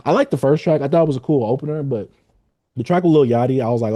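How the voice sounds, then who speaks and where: A man co-hosting a music podcast, giving laid-back, opinionated reviews in casual chat with drawn-out fillers. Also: medium pitch, fairly even intonation, warm tone, no room sound, studio quality. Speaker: podcast co-host.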